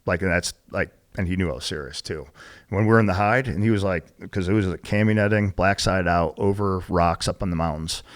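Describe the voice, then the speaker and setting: Deep-voiced man telling profane war stories. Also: brisk. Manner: profane, animated, acts out quoted dialogue. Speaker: podcast guest, military veteran. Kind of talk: casual storytelling.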